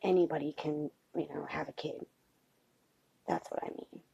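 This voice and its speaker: A woman vlogger talking quietly at home late at night so as not to wake anyone, halting and pausing with many fillers. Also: low voice, fairly even intonation, vocal fry, husky, lo-fi sound. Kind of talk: late-night confessional vlog.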